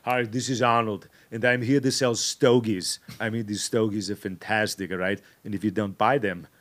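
A man doing a gruff action-star impression, pitching cigars in a slow, heavy, menacing way during a podcast chat. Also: steady tone, a bit bright, natural voice. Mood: boastful.

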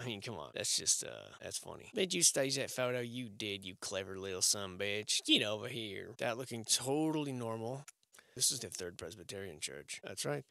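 A man's voice: medium pitch, gravelly, no room sound. A man giving casual, sarcastic commentary on old photos, cursing freely. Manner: animated, sarcastic, swearing. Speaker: video host.

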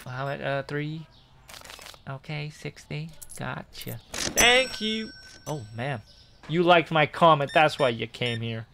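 A man's voice: fairly high pitch, fairly even intonation, a little slow, vocal fry, background noise. A young man streaming a supermarket game, chatting casually and frantically to himself and to the customers in the game. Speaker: gaming streamer. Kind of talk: casual let's play commentary.

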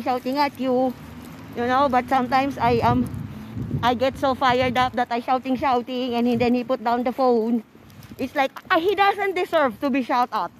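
Woman, vlogger, rambling broken English, fairly high voice, handheld phone, noisy recording. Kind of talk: casual vlog monologue.

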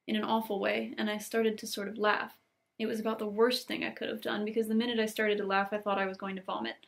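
Gently reading woman, gravelly and flat. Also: mid-range voice. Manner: gentle, unhurried reading, lingering on cozy details. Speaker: book channel host reading aloud. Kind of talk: storybook read-aloud with casual asides.

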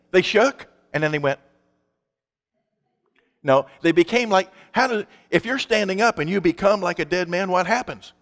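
A man's voice: high voice, fairly bright tone, big-room sound. A male pastor preaching a sermon in an emphatic, conversational way, asking his congregation rhetorical questions.

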